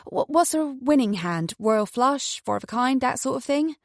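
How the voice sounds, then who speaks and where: A woman's voice: sits high, lively intonation, normal speed, no room sound, studio quality, pitched above the performer's own voice. Woman voicing a wary young newcomer. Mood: curious. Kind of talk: audiobook character voice.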